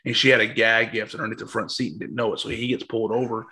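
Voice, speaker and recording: A man telling a profane, animated story in casual podcast chat, acting out what other people said. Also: fairly low pitch, fast, noisy background. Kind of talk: crude comedic storytelling.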